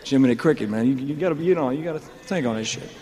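A mellow, mid-range male voice moves at a quick clip as he tells his career story to a laughing live audience, drawling, joking and drifting into asides. The recording has the long reverb of a large hall plus faint background noise.

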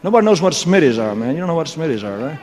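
A man's voice: fairly high pitch, sing-song, rapid-fire, a little mellow. A man telling his career story on stage in a loose, joking, drawling way, full of asides, with audience laughter around him. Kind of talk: rambling onstage storytelling monologue. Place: large live venue with audience laughter. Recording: live concert recording with long hall reverb and faint noise.

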